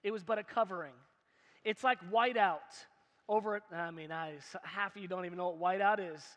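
A man's voice: high-pitched, a little fast, fairly bright tone, lo-fi sound. A male pastor giving a sermon, emphatic and conversational, asking the crowd questions and joking with them. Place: church hall. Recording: long hall reverb in a church.

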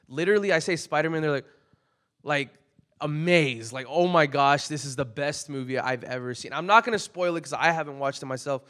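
A young man preaching a casual, conversational sermon, full of "like" fillers, that builds to loud emphatic peaks. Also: mid-range voice.

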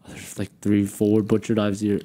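A man's voice: lowish voice, monotone, moderate pace, warm tone. A young man commentating his gameplay in a playful, self-mocking way, exclaiming and laughing as he goes. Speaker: gaming YouTuber. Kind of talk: let's play commentary.

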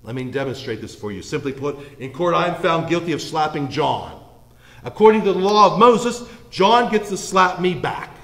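A man's voice: a little high, lively intonation, moderate pace, fairly bright tone. A male pastor preaching a sermon in a church, conversational and playful, with frequent teasing asides. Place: church sanctuary. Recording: echoey church room.

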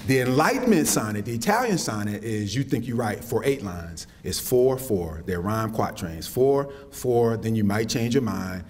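A middle-aged man from South Carolina, lecturing on campus with animated storytelling and folksy asides. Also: fairly low pitch. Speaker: poet lecturing. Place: lecture hall.

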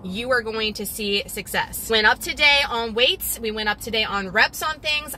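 A woman's voice: on the high side, normal speed, hardly any pauses, slight background noise. A young woman vlogging casually and chattily, still catching her breath after a workout. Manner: chatty and animated, lots of fillers like "like". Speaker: fitness vlogger. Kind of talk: casual vlog talk. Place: resting in a massage chair.

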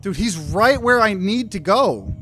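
A man's voice: high-pitched, very animated, measured pace, faint music behind. A young man giving tense play-by-play commentary as he plays a video game. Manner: tense whispery play-by-play, bursts into yelling. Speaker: gaming YouTuber. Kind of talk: live gameplay commentary.

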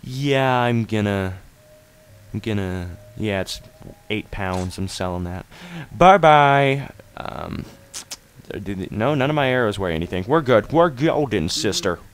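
A young man commentating his gameplay in a goofy, excitable way, swearing freely and chatting to viewers. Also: fairly low pitch, unhurried, smooth. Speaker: let's play host.

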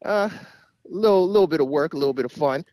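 A man's voice: fairly high pitch, animated, fast talker, a little mellow, no echo, close to an everyday voice. A man co-hosting a podcast by phone, putting on a playful drawling accent while walking through a mall. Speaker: podcast co-host calling in. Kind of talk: casual chat by phone. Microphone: phone call. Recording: phone call with wind noise.

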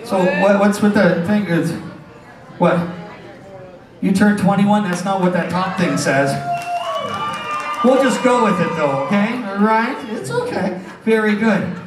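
A man working as a stage hypnotist, bantering loudly and crudely with volunteers and the audience. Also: high-pitched, unhurried, long pauses, distant mic, noisy background. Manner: brash, teasing, loud crowd banter. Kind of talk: live stage comedy show. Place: casino showroom stage. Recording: roomy hall recorded from afar, audience. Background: audience laughing.

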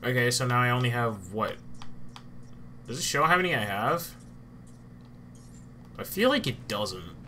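A man's voice: mid-range voice, lively intonation, measured pace, pauses often, sharp tone, slight background noise. A young man giving casual gameplay commentary, joking and swearing. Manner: swearing, joking, easily startled. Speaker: gamer.

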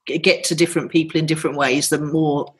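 A woman's voice: deep voice, steady tone, fast talker. A woman hosting a podcast, arguing her point with eager, rambling enthusiasm and frequent laughs. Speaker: podcast host. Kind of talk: casual chat.

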